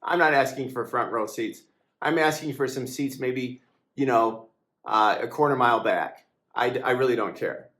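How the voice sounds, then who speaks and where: A man's voice: medium pitch, normal speed, a bit bright, roomy sound. A man, founder and editor of a website, talking casually and hesitantly, with many fillers and restarts, in an aggrieved, complaining way. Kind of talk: casual monologue to camera.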